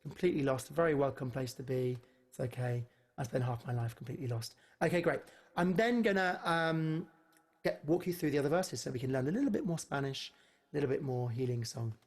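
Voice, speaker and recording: A man leading an online choir lesson over a video call, talking in quick, playful asides between demonstrations. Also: medium pitch, a little mellow, a little hiss or hum. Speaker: choir leader. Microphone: computer mic on a video call.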